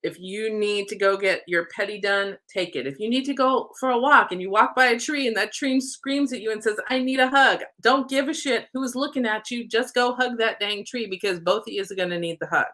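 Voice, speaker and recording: Bright-voiced, chatty middle-aged woman. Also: medium pitch, a little fast, hardly any pauses. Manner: chatty, rambling, affectionate; says "y'all" often. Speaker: spiritual life coach. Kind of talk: casual chat to camera.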